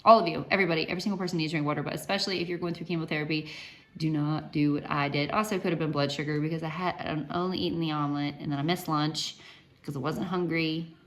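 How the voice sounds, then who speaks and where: Woman, vlogger, casual chat to camera, animated storyteller, low pitch. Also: fast. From West Virginia. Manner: chatty, animated storytelling with many fillers and restarts. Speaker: vlogger sharing cancer treatment updates.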